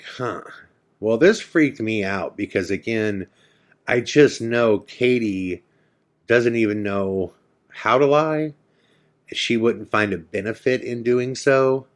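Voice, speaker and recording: A man hosting a podcast, telling a personal ghost story casually and acting out the dialogue. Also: on the low side. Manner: casual storytelling, acts out quoted dialogue, frequent "I'm like". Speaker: podcast host.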